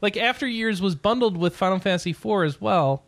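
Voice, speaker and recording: A man hosting a casual podcast, chatty and quick to laugh while he runs through news items. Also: sits high, lively intonation, a bit bright, dry recording. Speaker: podcast host.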